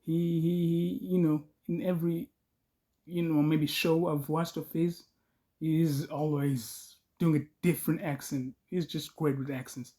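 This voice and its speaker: A man's voice: a little high, flat delivery, a little slow, mellow. A man giving casual reaction commentary, rambling and filling with "you know" and "bro". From South Africa. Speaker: reaction video host.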